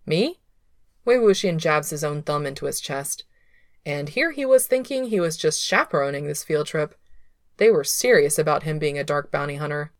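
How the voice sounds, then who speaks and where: A woman reading a story aloud in a steady, unhurried way, close to the microphone. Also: low voice, no room sound. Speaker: reader of fan fiction. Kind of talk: audiobook narration.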